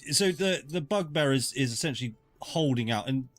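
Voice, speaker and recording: A man narrates a tabletop game as dungeon master in a loose, rambling way, full of fillers. His mid-pitched voice moves around lively. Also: fairly quick, faint music behind.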